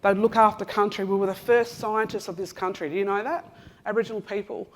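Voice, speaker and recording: A woman's voice: mid-range voice, steady tone, quick pace. Chatty Australian woman in her fifties. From Western Australia. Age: 50s. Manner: chatty and teasing, addresses people in the room directly, many "um"s. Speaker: conference speaker giving an Acknowledgement of Country. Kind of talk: casual, joking talk to a live audience. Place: large conference room, walking among the audience.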